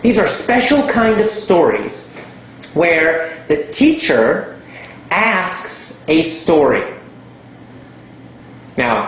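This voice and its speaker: A man teaching an English lesson, speaking slowly and emphatically and repeating words for stress. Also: a little high, big pitch swings, very echoey, muffled recording, slight background noise.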